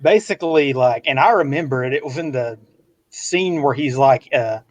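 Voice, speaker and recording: A man co-hosting a podcast, telling stories in a relaxed way, full of "like". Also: medium pitch, normal speed, no room sound, highs cut off. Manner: relaxed storytelling, many fillers like "like". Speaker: podcast co-host. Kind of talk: casual chat.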